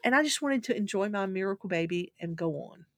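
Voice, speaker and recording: A woman's voice: mid-range voice, a little fast, dry recording, studio quality. A middle-aged woman, rambling through a personal story as a guest. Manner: rambling, animated when telling a funny story. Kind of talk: casual storytelling.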